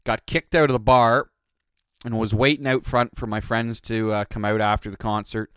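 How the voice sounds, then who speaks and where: Profane rambling podcast host, smooth dry voice. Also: male voice, on the low side, level tone, moderate pace, a bit bright, no room sound. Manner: profane, rambling, self-mocking. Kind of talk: casual storytelling monologue.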